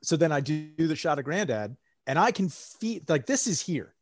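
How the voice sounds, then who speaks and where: A man's voice: fairly high pitch, sing-song, moderate pace, dry recording, studio quality. Man telling a rambling bar story. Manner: rambling, profane, lots of "like" and acted-out quotes. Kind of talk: casual storytelling chat.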